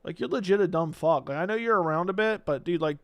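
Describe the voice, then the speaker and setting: A man's voice: high voice, fast talker. A man hosting a casual live stream, reading viewer comments aloud and ranting back at them with brash, profane talk. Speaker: livestream host.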